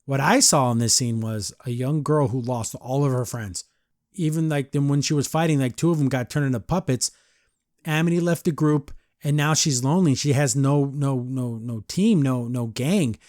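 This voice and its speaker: A man's voice: medium pitch, normal speed, darkish tone, no echo, clean studio sound. Rambling man recapping a cartoon episode. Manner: rambling, heavy use of "like", acts out quotes. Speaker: podcast reviewer.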